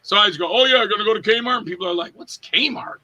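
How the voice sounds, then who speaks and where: A man's voice: high voice, very fast. A man in his fifties, an actor telling stories in a casual interview and acting out quotes in different voices. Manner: animated, acts out quotes in voices.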